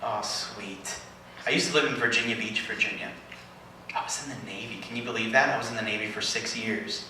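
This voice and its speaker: A man's voice: lowish voice, brisk. Joking man performing live to a crowd. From California. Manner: animated, joking, playful teasing. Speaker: slam poet performer. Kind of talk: live Q&A with audience. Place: live venue with audience. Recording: echoey venue from far off, noisy.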